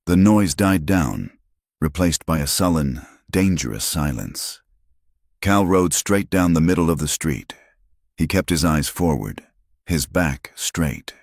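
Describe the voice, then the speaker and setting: A man narrating a western audiobook in a measured, even storytelling manner. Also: low voice, vocal fry, dry recording, clean studio sound.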